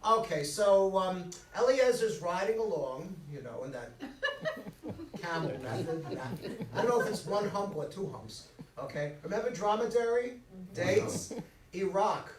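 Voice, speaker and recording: A high-pitched man delivers a joking, chatty sermon as a rabbi, throwing quick asides to his congregation. He sounds set back from the microphone, his voice ringing through a reverberant sanctuary. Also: lively intonation. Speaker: rabbi leading Friday night services. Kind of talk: humorous conversational sermon. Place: synagogue sanctuary. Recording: echoey hall, mic at a distance.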